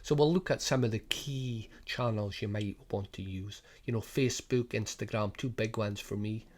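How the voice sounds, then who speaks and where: A middle-aged man with a strong Scottish Highland accent explains a coaching programme casually, with frequent restarts and rhetorical questions. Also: moderate pace, a little hiss or hum. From Scotland. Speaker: sports business coach. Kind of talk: informal spoken programme overview.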